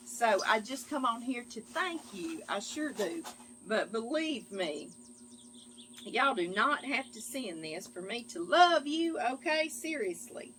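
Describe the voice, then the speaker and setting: A woman's voice: a little high, fairly bright tone, a little hiss or hum. A middle-aged woman, chatting affectionately as she reads viewer mail on her channel. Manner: chatty and affectionate, often calls listeners "girl" and "y'all". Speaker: cooking channel host. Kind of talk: casual chat reading viewer mail.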